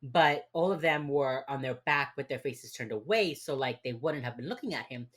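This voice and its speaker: A woman's voice: very deep voice, moderate pace, slightly rough. A woman co-hosting a podcast, recapping a TV episode in casual chat with wry, dry asides. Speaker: podcast co-host.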